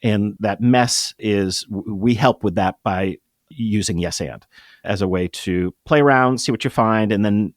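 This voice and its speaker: Middle-aged guy in an interview, lowish voice, eager and emphatic, dry close sound. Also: no room sound. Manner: emphatic, lively explaining with quick restarts. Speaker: guest, improv comedy producer. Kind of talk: conversational interview.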